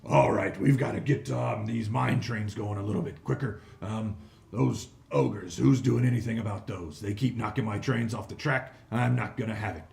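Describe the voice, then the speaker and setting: A man voicing a fat, greedy male hobgoblin boss who is loud, boastful and blustering, in a tabletop game. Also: lowish voice, normal speed, vocal fry. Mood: demanding. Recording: echoey room, some noise.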